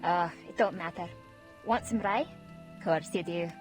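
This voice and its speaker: A man's voice: high voice, unhurried, soft background music, pitched above the performer's own voice. A man voicing a scatterbrained, folksy woman who keeps a camp drinking. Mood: chummy. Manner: rambling, folksy.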